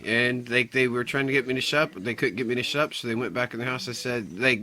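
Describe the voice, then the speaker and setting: A man's voice: mid-range voice, fast, few pauses, sharp tone. A middle-aged man recounting a confrontation in a personal vlog, agitated and swearing often as he retells it. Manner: agitated, profane storytelling. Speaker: vlogger.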